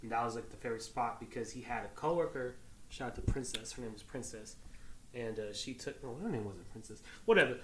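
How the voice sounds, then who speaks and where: A man's voice: medium pitch, animated, fairly quick, roomy sound, noisy background. A man from the San Francisco Bay Area hosting a podcast, talking in a loose, profane, joking way. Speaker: podcast host. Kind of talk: casual chat.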